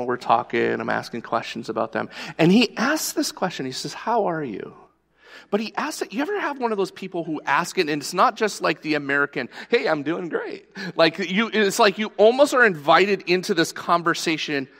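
A man's voice: fairly high pitch, expressive, brisk, gravelly, a bit bright, long reverb tail. A male pastor preaching a sermon, telling a personal story in a conversational storytelling way.

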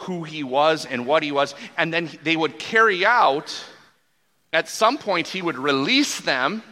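A man's voice: fairly high pitch, expressive, measured pace, sharp tone. A man in his forties preaching a sermon as a pastor, casual and joking, often restarting his sentences. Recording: long reverb from a large hall.

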